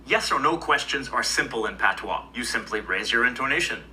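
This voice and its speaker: Man, mid pitch, bright tone, calm explanatory lesson narration. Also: fairly quick, slight background noise, low-quality recording. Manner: even, explanatory. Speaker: language video narrator. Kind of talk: scripted educational narration.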